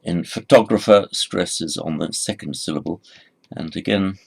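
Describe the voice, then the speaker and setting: Low gravelly man lecturing, halting and repetitive, restarts his phrases. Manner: halting, repeats words, many fillers. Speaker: Sanskrit teacher. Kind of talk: recorded lecture.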